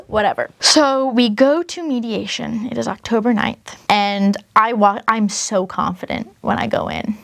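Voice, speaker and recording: A young woman vlogger telling her own story in a chatty, quick way, full of asides and self-corrections. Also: fairly high pitch, vocal fry, no echo. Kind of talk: casual storytime monologue.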